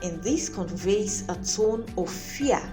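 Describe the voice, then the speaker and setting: A woman's voice: mid-range voice, animated, slow, music in the background. A woman teacher giving a lesson, explaining points carefully, repeating them and checking in with her listeners. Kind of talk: classroom lesson on literary tone.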